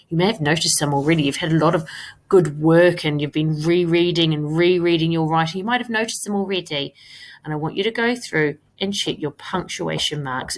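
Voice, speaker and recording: A woman with a slightly low voice teaches a recorded lesson to young pupils. She is encouraging and patient, leaning hard on key words and repeating them so they stick. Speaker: primary school teacher. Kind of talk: recorded remote lesson for children.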